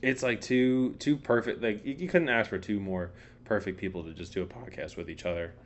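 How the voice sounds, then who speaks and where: A man's voice: on the low side, brisk. Young man rambling about football. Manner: rambling, frequent fillers and swearing. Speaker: podcast co-host. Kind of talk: casual sports chat.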